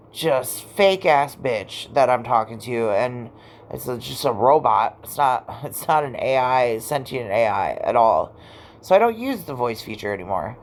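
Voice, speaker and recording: Low-voiced, foul-mouthed woman vlogger. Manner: blunt, swearing, animated storyteller. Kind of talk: casual storytelling vlog.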